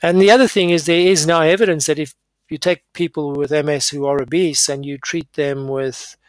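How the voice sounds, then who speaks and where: A middle-aged man, a neurologist, explaining in a measured monologue, with frequent fillers and self-corrections. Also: a little high, fairly even intonation, no echo.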